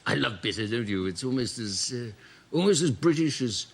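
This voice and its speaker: A man's voice: mid-range voice, expressive, moderate pace, husky, voice pushed down. A man playing a fussy, plummy British royal heir in an improvised comedy sketch, hesitant and rambling. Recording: loud background noise.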